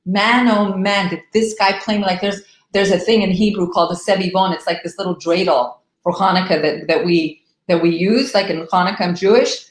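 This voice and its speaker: A middle-aged woman coaching divorced women on a live stream, emphatic and animated, speaking straight to her viewers. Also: medium pitch, a little fast, hardly any pauses, roomy sound, low-quality recording.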